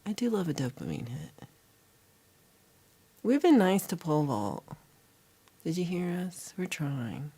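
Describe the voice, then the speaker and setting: With music in the background, a livestream host banters teasingly with her viewers in a playful, drawn-out way. She has a low, warm, slightly rough voice with big swings in pitch.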